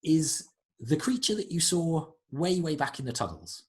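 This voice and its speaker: A man narrating as game master, describing scenes in an unhurried, descriptive way. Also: on the high side, big pitch swings.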